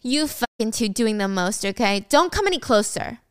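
A woman's voice: a little high, expressive, normal speed, smooth, dry recording, clean studio sound, lightly acted. A woman voicing a menacing teen boy who holds a hostage, snarling and taunting with a lot of swearing.

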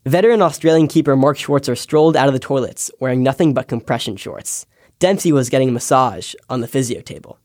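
A young man, a podcast intern, reading a scripted personal essay with wry, deadpan asides. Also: medium pitch, quick pace, no echo, clean studio sound. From United States. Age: young adult.

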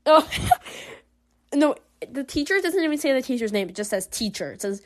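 A woman plays through a story game and keeps up a giggly, chatty commentary. Her voice sits high and swings widely in pitch. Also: lively intonation, normal speed. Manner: giggly, chatty, reacts aloud. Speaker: gamer playing a story game. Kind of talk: casual let's-play commentary.

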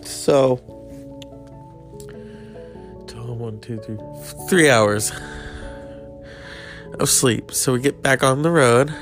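A host telling a gossipy personal story in casual chat, animated and quoting people. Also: mid-range voice, takes it slowly, faint music behind. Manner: animated, gossipy, acts out quotes.

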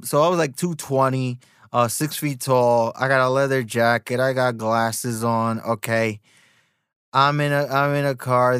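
A man in his thirties hosting a podcast, telling stories in an animated rant full of fillers and restarts. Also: mid-range voice, no echo, clean studio sound. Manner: animated storytelling with many fillers. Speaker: podcast host.

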